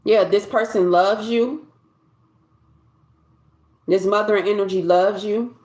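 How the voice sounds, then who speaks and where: Speaking slowly in a steady, darkish, medium-pitched voice, a tarot reader offers a collective reading. The room echoes, and her loose, conversational delivery is full of repeated and restarted phrases.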